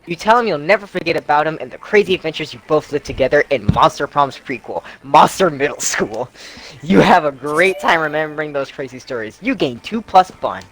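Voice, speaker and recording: A man streamer reading game text aloud in a relaxed, deadpan way. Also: a little high, a little fast, poor audio.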